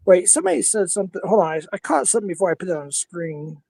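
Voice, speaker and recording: A man's voice: high voice, sing-song, very fast, vocal fry, dark tone, no echo. A man in his fifties with a Minnesota accent, hosting a casual livestream panel in a blunt, heated way and swearing freely. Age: 50s.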